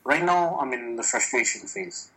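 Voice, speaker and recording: A man talking casually on a podcast with a bright, forceful tone. He speaks candidly, swears freely and tells his stories with animation. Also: mid-range voice, moderate pace, poor audio. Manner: candid, profane, animated storytelling. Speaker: podcast guest. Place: lives in China, recorded remotely or in a room.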